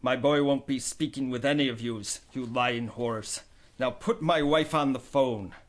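A man reading a storybook voicing a rough, hot-tempered working father, gruff and accusing. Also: medium pitch, unhurried, lightly acted. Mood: angry.

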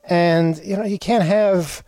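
Higher-voiced man, playfully indignant host. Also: steady tone, takes it slowly. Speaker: show host. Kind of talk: casual comedic chat.

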